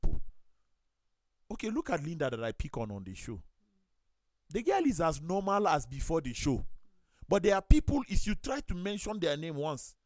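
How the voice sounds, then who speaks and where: Nigerian male talk-show host and pastor, animated storyteller, close dry studio mic. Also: a little high, no room sound. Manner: storytelling, acts out quoted voices, lively. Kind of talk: studio talk show chat, telling anecdotes.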